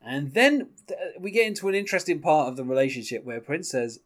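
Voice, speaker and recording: A man in casual talk about a song, rambling with many fillers and reading lyrics in a soft, lowered voice. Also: very animated, fast. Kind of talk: casual music discussion.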